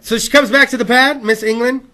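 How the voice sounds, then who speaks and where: A man's voice: extremely high pitch, steady tone, fairly quick, sharp tone. A man hosting a podcast, cutting in with wry, teasing comments. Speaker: podcast host. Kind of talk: casual chat.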